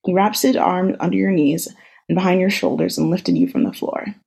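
A woman hosting a podcast, reading a romance story aloud in an even, intimate way. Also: on the low side, vocal fry, breathy edge. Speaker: podcast host reading fan fiction.

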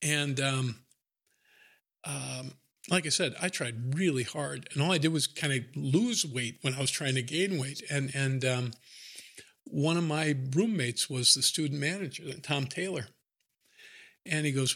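A man's voice: mid-range voice, a little slow, fairly bright tone. An older man, a former coach, telling stories casually, acting out the people he quotes and laughing often. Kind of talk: casual storytelling.

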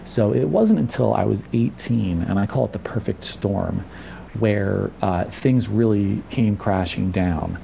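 A man from New Jersey guesting on a podcast, with a deep, gravelly, mellow voice. He talks in a friendly, unscripted way and often stumbles over the first words of a sentence. There is a faint hum of noise behind him. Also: measured pace. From New Jersey, USA. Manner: friendly, repeats words when starting sentences. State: slightly out of breath. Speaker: guest, personal trainer and nutrition specialist. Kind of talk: casual interview chat.

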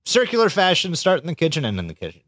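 A man co-hosting a podcast, retelling an episode with lots of swearing and squeaky voiced impressions of the characters. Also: wildly swooping pitch, quick pace, a bit bright, no room sound, studio quality. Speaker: podcast co-host. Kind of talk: casual podcast recap.

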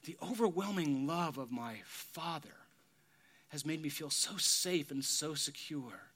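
A middle-aged man preaching a sermon in a slow, heartfelt way, sometimes dropping to a whisper. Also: a little high, lively intonation, a bit bright. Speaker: pastor.

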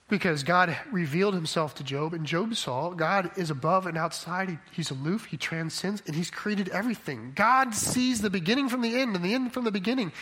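A man's voice: high-pitched, pushed and bright. A man preaching a conversational sermon who keeps checking in with his listeners.

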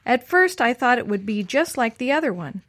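A woman's voice: a little high, very animated, moderate pace, fairly bright tone. Woman reading as an earnest thoughtful boy.

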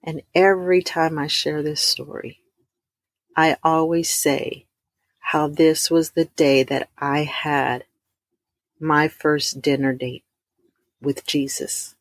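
A middle-aged woman, telling a heartfelt personal testimony to her listeners, warm and emotional, calling them y'all. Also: low-pitched, steady tone, dry recording, studio quality. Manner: emotional, addresses listeners as y'all, drawn-out emphasis. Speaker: host of a faith talk stream.

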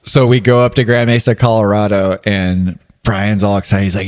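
Man, fairly low voice, casual podcast storyteller, laughs a lot. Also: little pitch movement, normal speed, a little mellow. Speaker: adaptive athlete and podcast regular.

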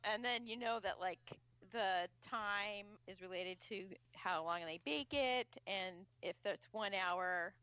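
A woman's voice: mid-range voice, takes it slowly, hardly any pauses, bright, forceful tone, clear, resonant tone, no room sound. A woman co-hosting a podcast, chatting casually and enthusiastically about a TV episode, thinking aloud with fillers. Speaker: podcast co-host.

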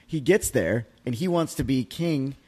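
A man's voice: mid-range voice, animated, unhurried, a little mellow. A man co-hosting a casual TV recap chat, swearing, laughing often and trailing off mid-sentence. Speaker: podcast co-host.

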